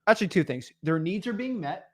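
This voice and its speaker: A young man co-hosts a live real estate stream, speaking emphatically and repeating his points. His voice is high-pitched, animated, and fairly quick, with no room sound.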